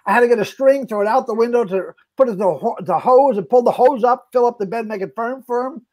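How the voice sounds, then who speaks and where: An older male comedian, a podcast guest, telling anecdotes in an animated way, acting out the quotes and often restarting his sentences. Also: extremely high pitch, fast. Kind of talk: storytelling in casual chat.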